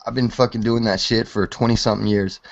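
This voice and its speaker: A man's voice: on the low side, steady tone, fast, creaky, highs cut off. A man in his forties rambling casually about physics theories, swearing and laughing often. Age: 40s. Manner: rambling, profane, laughs a lot. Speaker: hangout participant.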